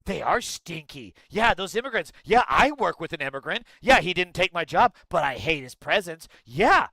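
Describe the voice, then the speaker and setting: A man's voice: high-pitched, sing-song, normal speed, vocal fry, sharp tone, no echo, full character voice. A man mimicking a dim bigoted convert. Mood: mocking. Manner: mocking, drawling parody.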